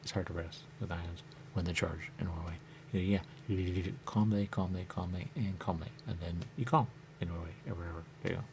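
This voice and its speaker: A man hosts a radio show in a low, gravelly, darkish voice, talking at a quick pace over a little hiss or hum. His solo monologue rambles, drifts and repeats itself, and he keeps saying the catchphrase "there you go."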